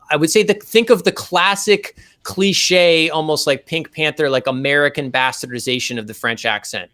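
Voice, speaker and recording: A medium-pitched man appears as a guest saxophonist in an interview. He tells animated anecdotes and, in a relaxed way, explains technical ideas step by step.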